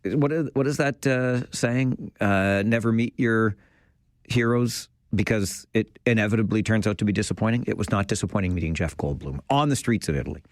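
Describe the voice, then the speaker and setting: A man's voice: fairly low pitch, a little fast, dry recording. A Canadian man hosts a morning call-in radio show. He jokes and teases his callers in an easy back-and-forth. The studio sound is dry and close. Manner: jokey, teasing banter with callers.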